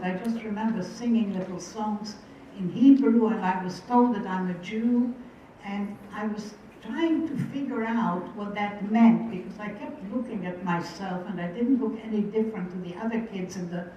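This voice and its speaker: Older woman from Hungary, mellow wry storyteller, heard from afar in a dull, echoey hall. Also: mid-range voice, recorded from a distance, slight background noise. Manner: wry, vivid storyteller who quotes voices. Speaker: Holocaust survivor speaker. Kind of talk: personal storytelling talk.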